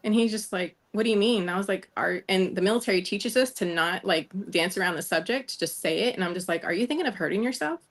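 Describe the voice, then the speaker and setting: A woman's voice: on the low side, fast talker, few pauses. A woman, a guest in a casual chat, telling a story animatedly and acting out the dialogue.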